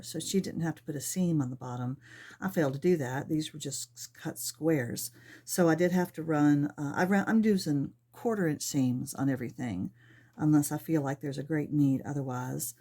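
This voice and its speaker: A middle-aged woman chatting casually and rambling a little as she works through a sewing project at home. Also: on the low side. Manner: chatty, rambling, soft-spoken asides. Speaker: sewing vlogger. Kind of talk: casual chat while sewing.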